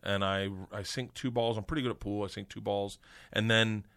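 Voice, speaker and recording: A middle-aged man, a comedian guest, telling a long comic story in a loud, animated, profane way. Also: on the low side, moderate pace.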